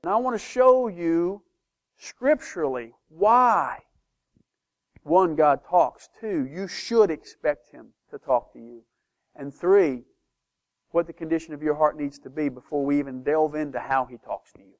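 A man preaching a sermon to a congregation, shifting between loud, animated bursts and hushed, quiet passages. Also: on the high side, unhurried. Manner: animated, swings from loud to hushed, acts out doubters' voices.

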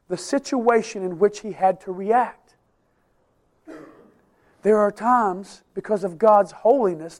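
A middle-aged man leads a Bible lesson for his Sunday school class in a fairly high voice. He speaks earnestly and with emphasis, drawing out key words slowly to drive a point home.

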